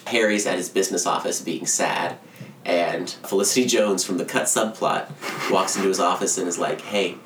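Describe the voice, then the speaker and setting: Low-voiced male podcast co-host, rambling casual recap, distant mic in an echoey room. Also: fairly even intonation, normal speed, a bit bright, a little hiss or hum. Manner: rambling, many "like" fillers. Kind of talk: casual movie recap chat.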